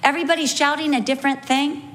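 A middle-aged woman teaching from the Bible, telling lively stories and slowing down to stress key points. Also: high-pitched. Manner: animated storyteller, slows for emphasis. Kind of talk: sermon teaching with anecdotes.

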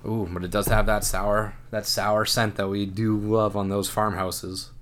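A man co-hosting a podcast, chatting in a relaxed way and often agreeing with his partner. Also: fairly low pitch, unhurried, slight background noise. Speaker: podcast co-host. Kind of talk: casual chat.

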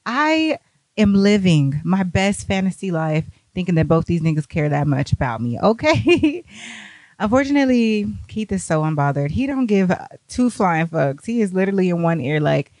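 A young woman telling a party story, animated and profane, acting out what people said. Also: fairly low pitch, normal speed, no echo. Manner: animated, profane, acts out quotes. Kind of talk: casual storytime.

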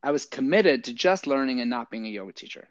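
A man's voice: medium pitch, fast talker, no echo, lo-fi sound. A middle-aged man, an army veteran and yoga teacher, casually telling stories in an interview and acting out what people said. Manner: animated storyteller, acts out quotes with lots of "like".

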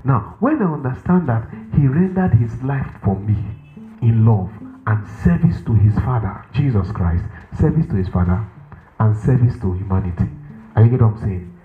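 A male preacher delivers a sermon with a lively, swooping pitch, pressing his points through repetition and checking in with his listeners. The sound is thin and phone-like, in an echoey room with faint music underneath. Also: moderate pace. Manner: emphatic, repeats himself, asks the crowd if they follow.

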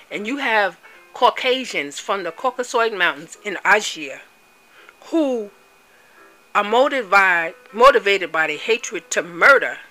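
A woman giving an impassioned monologue, speaking deliberately, stressing and repeating words and spelling some out. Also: mid-range voice, bright, forceful tone, poor audio.

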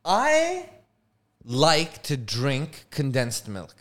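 A young man co-hosting a podcast in casual chat, telling stories with lots of swearing and loud, high outbursts. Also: extremely slow. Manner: animated storytelling, swears freely, jumps into loud high outbursts. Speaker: podcast co-host.

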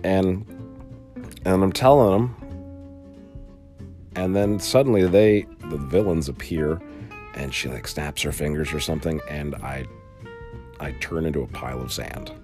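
A man hosting a casual solo podcast, telling a long story in a rambling, animated way with many fillers, from a small home studio. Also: rumbling low, measured pace, long pauses, faint music behind. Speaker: podcast host.

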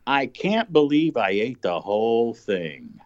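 A man's voice: medium pitch, big pitch swings, highs cut off. A man hosting a radio talk show, running a playful slogan quiz and teasing his guest. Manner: playful quizmaster, reads slogans slowly and teases. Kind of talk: casual radio quiz chat.

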